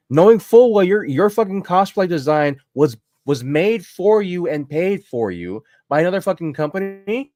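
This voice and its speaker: A man on a podcast, ranting heatedly and swearing often. His voice sits a little high and swings widely in pitch. The sound is close and dry. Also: measured pace, few pauses, no echo. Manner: heated, profane, animated ranting. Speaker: podcast co-host. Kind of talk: casual ranting chat.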